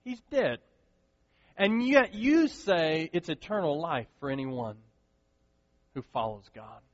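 A pastor preaching a sermon, animated and acting out the voices of the people he quotes. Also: a little high, slow pace. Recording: dull, long hall reverb.

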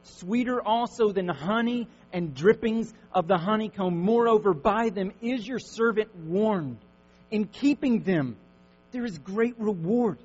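A man preaching a sermon, swinging from loud, fervent declaring to hushed, gentle reassurance. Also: high voice, measured pace. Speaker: pastor. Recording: dull lo-fi recording with faint mains hum.

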